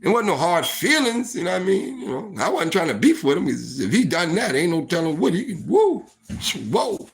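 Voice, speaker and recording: A man telling a story in a casual monologue, profane and animated, full of fillers like "like" and "you know.". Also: high voice, a little fast, vocal fry, hardly any pauses. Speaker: storytime vlogger.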